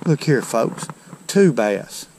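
A fishing channel host talks to his viewers outdoors beside a creek, his mid-range voice slow, sing-song and a little mellow. He's folksy and exclaims over each catch in casual narration, with slight background noise.

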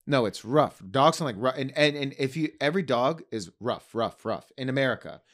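A man's voice: mid-range voice, lively intonation, brisk, a bit bright. A man co-hosting a casual podcast chat, joking and asking mock-incredulous questions. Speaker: podcast co-host.

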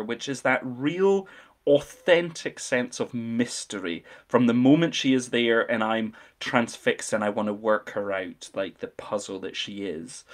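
A man hosting a film podcast, playful and enthusiastic as he quizzes his co-host. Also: mid-range voice. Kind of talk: casual chat.

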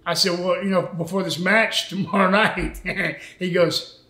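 A man's voice: sits high, steady tone, measured pace, bright, forceful tone, roomy sound. An older man, a retired wrestler telling old road stories in an interview, folksy and full of laughs and fillers. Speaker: retired wrestler and former booker. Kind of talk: storytelling interview.

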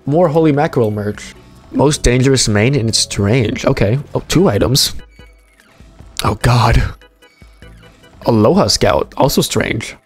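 Excitable young man opening game cases. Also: a little slow, pauses often, husky, soft background music. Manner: excitable, swearing, jokey, pitch jumping up when hyped. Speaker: gaming streamer. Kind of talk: casual unboxing commentary.

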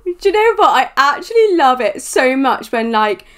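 Chatty high-voiced West Country woman. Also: very animated, normal speed, heavy background noise. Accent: West Country English. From southwest England. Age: young adult. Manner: rambling, filler-heavy, chatty. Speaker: reaction video host. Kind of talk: casual reaction chat.

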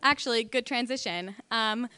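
A woman's voice: a little high, moderate pace, bright, forceful tone, smooth, no echo. A young woman from North Dakota telling a funny personal story on stage, laughing often at herself. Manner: giggly, self-mocking, lots of laughing asides.

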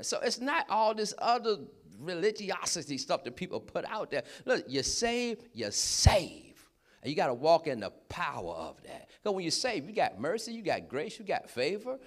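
A man preaching a sermon in a lively, conversational way, breaking in with short affirmations and laughing as he talks. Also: fairly high pitch. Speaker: pastor.

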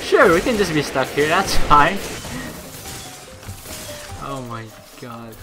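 An excitable gamer narrates their own play with a voice that leaps up and down in pitch, swearing and laughing at the chaos. They talk at an unhurried, drawn-out pace. Clear game music plays underneath. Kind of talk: gameplay commentary.

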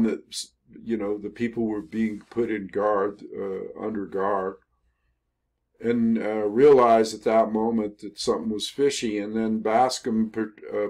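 An older man telling a history story in a casual, rambling way, with many pauses, fillers and self-corrections. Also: fairly low pitch, darkish tone. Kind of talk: casual spoken history narration over photos.

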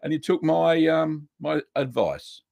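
An Australian man hosting a casual live stream, chatting in a relaxed way and greeting viewers one by one. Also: a little high, a little slow, vocal fry, no room sound.

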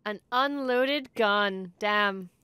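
A young woman hosting a casual reaction video, excitable and quick to swear and gush. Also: mid-range voice, clear, resonant tone, dry recording. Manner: excitable, swears often, gushes.

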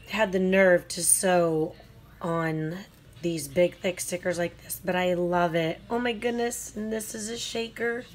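A woman's voice: fairly low pitch, steady tone, slow pace, slight background noise. Woman crafter unboxing a swap on video, takes her time, gushes oh my gosh nonstop, faint paper crinkling behind. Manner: gushing, effusive exclamations; talks to the sender directly. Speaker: craft vlogger.

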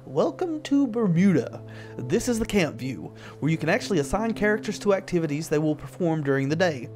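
Relaxed man commenting on a game. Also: on the high side, brisk, soft background music. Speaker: gaming video host. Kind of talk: let's-play commentary.

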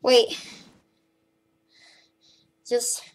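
A woman giving casual commentary over her own gameplay as a streamer, excitable and prone to shouting and squealing when she gets hyped. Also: very slow. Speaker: gaming streamer.

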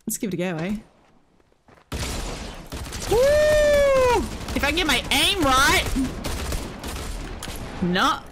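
A woman streaming a shooter game, chatting excitably to her viewers and giggling at her own plays. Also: sits high, moderate pace, pauses often, noisy background. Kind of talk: casual gameplay commentary to viewers.

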